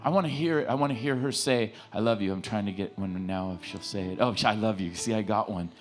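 A man's voice: on the low side, a little fast, faint music behind. A pastor giving an impassioned sermon and leading a prayer, repeating himself and restarting words as he pleads with the congregation. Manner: impassioned, repetitive, stammering restarts. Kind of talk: sermon with altar call and prayer. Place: church sanctuary.

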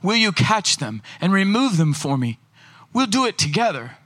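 A male preacher giving an animated sermon, reading scripture aloud and acting out little voices, sometimes rushing and sometimes slowing right down. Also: high voice. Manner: animated, fast and slow in turns, acts out voices.

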